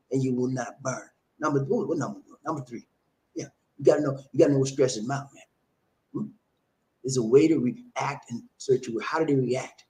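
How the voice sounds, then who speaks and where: A man giving relationship advice in a lively, sing-song voice, pitched a little high for a man. He is preachy and repeats his points as he speaks straight to his listeners. A faint rumble runs underneath. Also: quick pace. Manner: preachy, repeats himself, talks straight to the audience. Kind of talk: casual advice broadcast.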